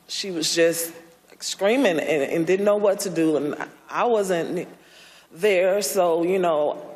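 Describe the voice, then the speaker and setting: A woman, a former election worker, giving emotional testimony, soft-spoken and halting, with many pauses and restarts, sounding distressed and close to tears. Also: lowish voice, in a large hall.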